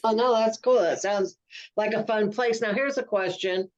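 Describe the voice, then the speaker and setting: A woman's voice: medium pitch, moderate pace, a little mellow. A woman hosting a podcast in casual chat, laughing often and giving short reactions. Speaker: podcast host. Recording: dull lo-fi audio.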